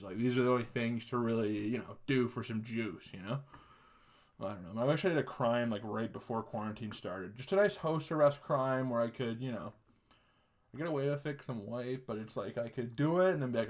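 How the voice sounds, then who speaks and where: A young man from Canada hosting a podcast, telling rambling, sarcastic stories with plenty of swearing and quick laughs. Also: mid-range voice. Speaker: podcast host. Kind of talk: casual comedic monologue.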